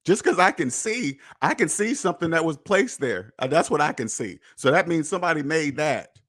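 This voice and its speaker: A man hosting a personal finance podcast in an emphatic, preachy monologue, repeating points and swearing, swinging between loud jabs and low muttered asides. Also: animated, normal speed. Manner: emphatic, preachy, repetitive, with profanity. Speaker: podcast host.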